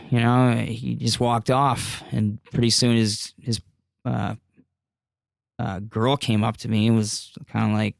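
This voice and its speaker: A man's voice: mid-range voice, fairly even intonation, normal speed, vocal fry, clear, resonant tone, dry recording. A young man spins a long party story with loose, rambling phrasing and plenty of swearing. His voice sits mid-range and comes across close and dry, with no room around it. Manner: rambling, profane, many fillers. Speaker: podcast guest. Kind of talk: casual storytelling.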